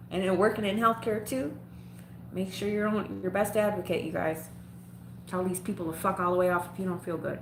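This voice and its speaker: A woman's voice: mid-range voice, fairly even intonation, normal speed, pauses often, a bit bright, reverberant, a little hiss or hum, poor audio. A woman vlogger telling a personal story straight to her viewers, frank and profane, laughing often.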